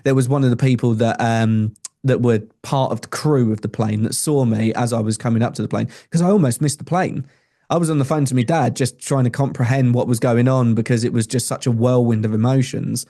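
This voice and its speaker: A man's voice: medium pitch, steady tone, brisk, warm tone. A young adult man, a podcast guest telling a personal story in an earnest, conversational way with frequent restarts. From England.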